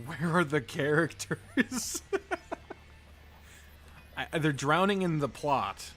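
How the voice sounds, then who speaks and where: A man's voice: fairly high pitch, expressive, slow, pauses often, a bit bright, a little hiss or hum. A man casually commenting on a game during a live stream, joking, laughing and swearing freely.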